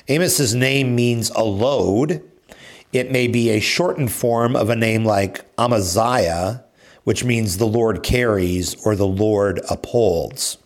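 A man's voice: on the low side, slow pace. A man leading a Bible class, lecturing conversationally with frequent fillers and self-corrections. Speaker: Bible study teacher.

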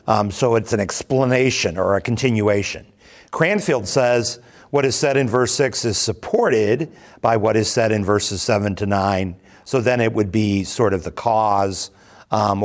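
Man teaching scripture verse by verse. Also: mid-range voice. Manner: measured, explanatory, with frequent ums and rhetorical "right?". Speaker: Bible teacher.

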